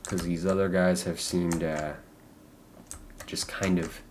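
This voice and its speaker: A young American man streaming a game, talking in a loose, halting, rambling way full of fillers and restarts. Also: sits low, little pitch movement, a little hiss or hum. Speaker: livestreamer. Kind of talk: casual rambling gameplay chat.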